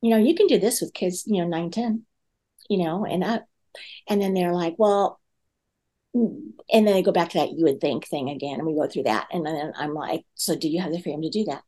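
A middle-aged woman with a lowish voice tells a story in conversation. She acts out both sides of an exchange and leans on plenty of fillers as she goes. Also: a little fast. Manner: animated storyteller acting out dialogue, many fillers. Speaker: guest parenting speaker.

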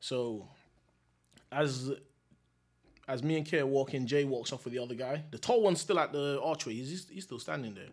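A young man spins a story as a podcast guest. He is relaxed and slangy and chuckles easily. His voice sits at an ordinary middle pitch. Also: moderate pace. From England. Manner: laid-back, slangy, laughs often. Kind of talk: casual storytelling.

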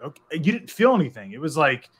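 Man in his 30s, panel co-host, casual and animated. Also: a little high, fast, husky. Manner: excitable, says "dude" and "like" a lot. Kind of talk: casual chat.

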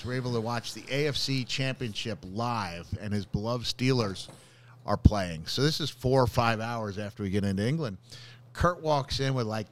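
A man telling a funny story as a podcast guest, chuckling as he goes. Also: mid-range voice. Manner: animated storyteller, chuckles through his stories. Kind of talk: casual anecdote telling.

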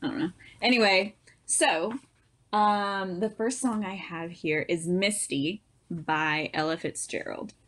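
A woman's voice: mid-range voice, slow pace, fairly bright tone. A young woman speaking as a guest in a casual chat, rambling a little and laughing through her stories.

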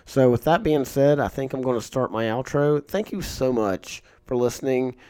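A man's voice: medium pitch, moderate pace, dark tone, smooth, dry recording, clean studio sound. A man hosting a podcast, telling stories in a casual, rambling way with lots of fillers and frank talk. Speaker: podcast host. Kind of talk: casual storytelling monologue.

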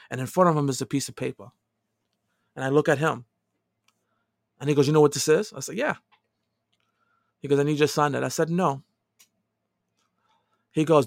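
A middle-aged man casually telling a long personal story, dropping to quiet asides and rising to loud, emphatic lines. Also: mid-range voice, creaky, no echo, studio quality. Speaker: podcast co-host telling a story.

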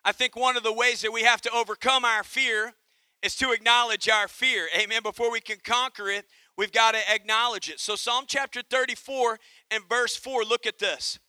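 A man preaching a sermon with lively energy, telling jokes and calling on the congregation for amens. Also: very high-pitched, moderate pace, no room sound. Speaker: pastor.

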